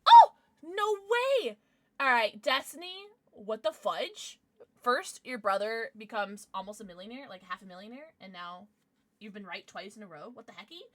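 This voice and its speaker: A woman's voice: medium pitch, expressive, normal speed, sharp tone, no echo. A young adult woman streaming, chatting casually with viewers in a bubbly way, gasping and squealing as she reacts. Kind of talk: casual livestream chat.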